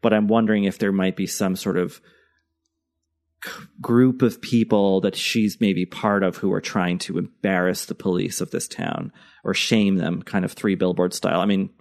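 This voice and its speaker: A man with a low, gravelly voice co-hosts a podcast in easygoing chat. He pauses and restarts often as he works through his thoughts aloud. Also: fairly even intonation. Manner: hesitant, full of ums and self-corrections. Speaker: podcast co-host. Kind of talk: casual chat.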